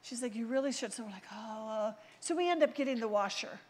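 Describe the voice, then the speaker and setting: Woman preacher, high voice, lively storyteller who plays out the dialogue, church sermon. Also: fairly quick. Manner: animated storytelling, acts out quoted voices.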